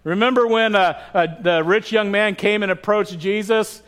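A high-voiced male pastor preaches a sermon, telling candid and funny stories about his own faults. His delivery is frank and conversational, drawing the congregation in. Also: normal speed, fairly bright tone, clean tone. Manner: candid, humorous storytelling.

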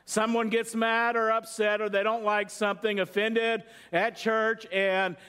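A man's voice: sits high, flat delivery, unhurried, pushed and bright, clean tone. An older male pastor preaching a sermon in a conversational, joking storytelling style, asking the congregation questions.

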